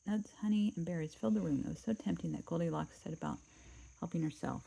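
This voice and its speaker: A woman casually reading a children's storybook aloud, relaxed and chatty, dropping in asides and cutting the story short. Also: on the low side, fairly quick, gravelly, rough recording.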